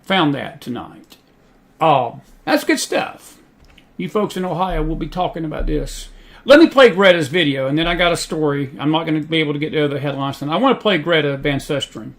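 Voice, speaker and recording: A man's voice: fairly high pitch, expressive, fairly quick, fairly bright tone. A man from South Georgia with a Southern accent, hosting faith-based news commentary in a folksy, emphatic way that repeats key phrases. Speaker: host.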